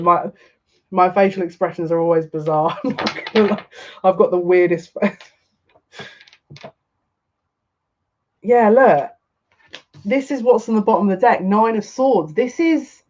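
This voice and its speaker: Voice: medium pitch, a little mellow, muffled recording. A psychic tarot reader giving a live reading, chatty and rambling, who laughs often and repeats phrases.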